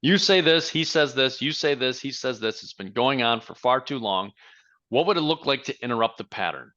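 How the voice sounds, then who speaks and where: A male leadership coach giving a motivational talk, his voice bright and forceful. He speaks with emphasis and leans on rhetorical questions, heard through a dull, lo-fi recording. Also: medium pitch, lively intonation, normal speed.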